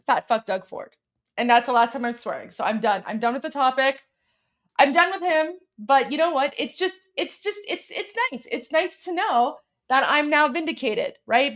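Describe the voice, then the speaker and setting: Woman host from Iran; high, heated, repetitive rant delivery. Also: a bit bright. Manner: impassioned, repetitive, insulting. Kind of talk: live-stream political rant.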